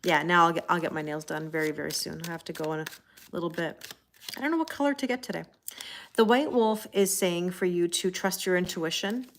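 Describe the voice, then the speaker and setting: A Canadian woman with a Canadian accent, giving a casual live-stream tarot reading and answering viewer comments. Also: on the low side. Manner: chatty, laughs often, answers viewer comments. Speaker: tarot reader.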